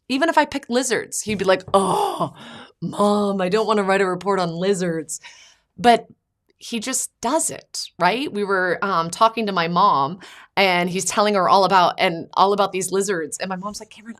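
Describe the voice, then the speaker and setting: A woman in her thirties hosting a podcast, chatting casually and telling family stories in lively bursts, quoting others as she goes. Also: mid-range voice. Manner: chatty storytelling, quotes her son and mother in lively bursts. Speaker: podcast host. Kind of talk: casual chat.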